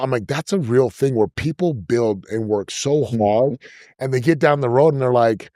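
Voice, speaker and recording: A man's voice: medium pitch, moderate pace, no room sound. Middle-aged guy on a podcast, pushes his points hard, dry studio mic sound. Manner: energetic, emphatic, repeats himself when stressing a point. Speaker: podcast guest, business coach. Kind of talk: conversational interview.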